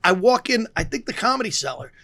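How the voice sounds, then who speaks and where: A man's voice: high voice, fast. A man, a comedian, chatting on a podcast and acting out the people in his anecdotes. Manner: lively, acts out the people he quotes. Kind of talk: casual podcast storytelling.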